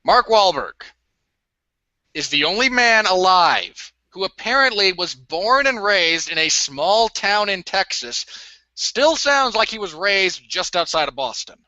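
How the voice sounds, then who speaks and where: Bright-voiced, ranting male co-host. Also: high voice, sing-song, unhurried, dry recording. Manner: ranting, sarcastic complaints. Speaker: podcast co-host. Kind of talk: casual movie review chat. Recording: dull lo-fi dry audio.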